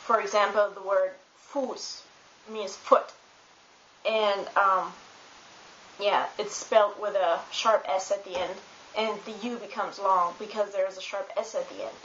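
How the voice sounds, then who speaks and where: A woman who speaks German natively, giving a casual spoken pronunciation lesson, relaxed and hesitant with many ums and uhs. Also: mid-range voice, a little slow. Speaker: German tutor. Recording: roomy, dull home recording with hiss.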